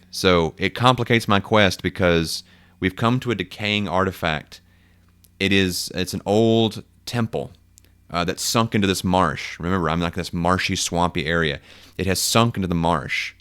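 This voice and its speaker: A man's voice: deep voice, fairly bright tone. A man narrating a solo tabletop role-playing game, thinking aloud and correcting himself as he goes.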